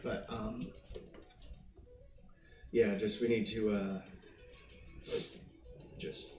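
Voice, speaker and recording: A man's voice: lowish voice, flat delivery, drawn-out words, a little mellow, soft background music. Laid-back man running a tabletop game. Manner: laid-back, hesitant with many fillers. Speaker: game master. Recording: roomy distant mic, faint noise.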